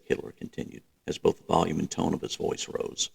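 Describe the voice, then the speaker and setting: A man narrating a novel in a measured, even reading. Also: sits low, creaky, slightly rough. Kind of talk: audiobook reading.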